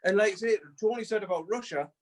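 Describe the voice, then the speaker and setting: This is a middle-aged man with a rather high voice for a man. He tells stories in a lively, chatty way and swears freely as an interview guest. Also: fast talker. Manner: animated, profane, swears freely. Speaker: band member guest. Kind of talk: casual storytelling.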